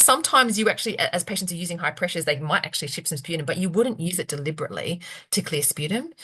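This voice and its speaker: Aussie woman, middle-aged, lowish voice, lively and blunt, self-deprecating, video call. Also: husky. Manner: frank, animated, self-deprecating asides. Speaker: physiotherapy researcher, webinar guest. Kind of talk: conversational expert Q&A.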